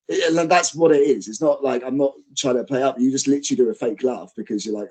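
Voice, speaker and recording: A male professional wrestler and trainer, a guest telling stories in a casual interview, animated and acting out quotes. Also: mid-range voice, moderate pace, breathy edge, rough recording. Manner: animated, acts out quotes, fillers and restarts.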